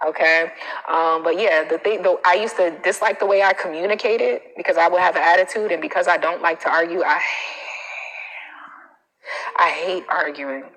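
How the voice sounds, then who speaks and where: A woman's voice: fairly even intonation, moderate pace, a bit bright. Emphatic woman coaching in a reverberant room. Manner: emphatic, repeats phrases, frequent "okay?" tags; acts out others' quoted lines in a higher voice. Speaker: confidence coach. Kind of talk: live-stream advice talk.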